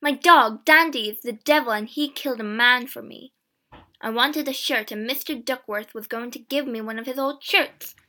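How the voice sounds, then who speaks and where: A woman voicing a defiant young man, a witch's son, who boasts loudly. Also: on the high side, moderate pace, few pauses, close to an everyday voice. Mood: angry. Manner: loud, boastful.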